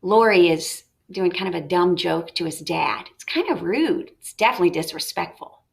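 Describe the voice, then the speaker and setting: A woman's voice: lowish voice, expressive, moderate pace, vocal fry. A woman teacher giving a recorded lesson, explaining step by step and thinking aloud with questions.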